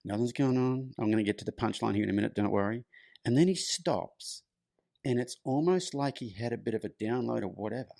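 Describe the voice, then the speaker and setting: A man's voice: medium pitch, a little fast, creaky, a little mellow, no room sound, studio quality. A middle-aged man, a horse clinician, telling a long personal story in a loose, chatty way as a podcast guest. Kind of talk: storytelling in conversation.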